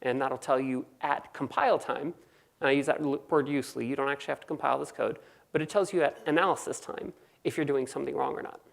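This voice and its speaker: Californian woman, low gravelly voice, fast joking conference presenter. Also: fairly even intonation. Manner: quick, joking, conversational. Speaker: conference speaker. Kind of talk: technical conference talk.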